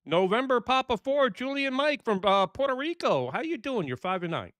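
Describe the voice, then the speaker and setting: A ham radio operator with a New York accent calls stations in a chatty, relaxed way. His voice sits high and rings smooth and clean. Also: moderate pace. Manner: chatty, easygoing, laughs often. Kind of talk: casual on-air radio contacts.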